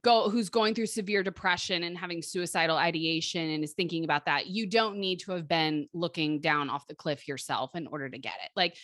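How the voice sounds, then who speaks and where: A woman in her thirties, co-hosting a casual podcast chat and telling stories with lively, animated delivery. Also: lowish voice, no echo, clean studio sound. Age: 30s. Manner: lively, animated storytelling with quoted voices and laughs. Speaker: podcast co-host and life coach.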